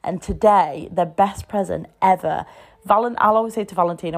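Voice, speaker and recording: A woman's voice: fairly low pitch, fairly even intonation, fairly quick, darkish tone. A woman in her thirties with a British English accent, hosting a casual solo podcast from home, chatty and frank, swearing freely. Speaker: podcast host.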